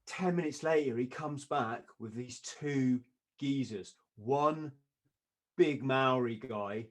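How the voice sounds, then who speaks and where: A man, a podcast guest, telling a story in a lively way, often laughing and acting out what others said. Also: mid-range voice, slow pace. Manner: lively, acts out quoted voices, laughs often.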